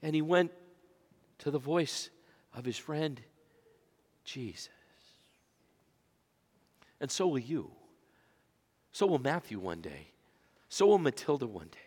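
A man preaching a sermon as pastor in a church sanctuary, swinging between loud emphatic passages and hushed near-whispers. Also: medium pitch, big pitch swings, slow, pauses often, slightly rough. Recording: long reverb of a large church.

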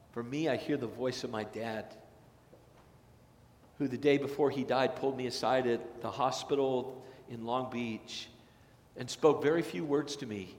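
A middle-aged male pastor preaching a sermon in a church, earnest and building to emphatic declarations. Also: mid-range voice. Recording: echoey church hall.

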